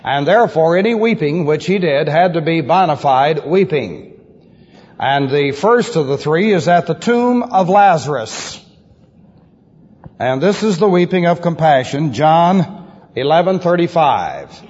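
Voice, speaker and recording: A pastor teaching doctrine works methodically through his sermon, emphatically repeating key phrases in a slightly high, animated voice that's a little mellow and slightly rough, at a measured pace. The old, lo-fi recording carries the reverb of a large hall.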